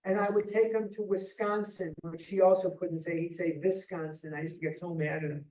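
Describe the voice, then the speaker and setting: A man's voice: high-pitched, fairly even intonation, fairly quick, a little mellow. A man of about seventy from the Chicago area, sharing his story at a recovery retreat with heartfelt emphasis and frequent restarts. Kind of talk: personal testimony talk. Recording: roomy hall, mic far off.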